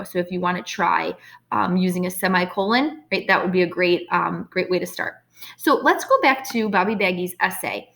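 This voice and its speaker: A woman's voice: medium pitch, a bit bright. A woman teacher recording an online writing lesson for her class, speaking patiently and encouragingly with frequent ums and okays.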